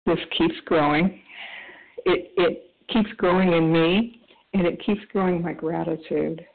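A woman sharing at a recovery meeting by phone, talking softly and haltingly with many pauses. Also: lowish voice, steady tone, creaky. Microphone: phone call. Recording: tinny phone line.

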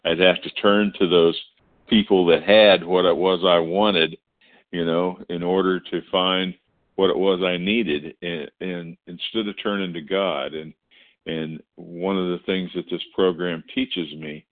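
Very deep-voiced man, halting share. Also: steady tone. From Oklahoma. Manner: hesitant, repeating words, many fillers. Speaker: meeting member sharing. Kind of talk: personal share at a recovery meeting. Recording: tinny phone-like call audio.

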